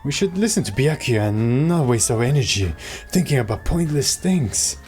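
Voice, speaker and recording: A man's voice: mid-range voice, sing-song, moderate pace, darkish tone, soft background music, pitched above the performer's own voice, lightly acted. A man voicing the reflective inner monologue of an uncertain young male student in a video game.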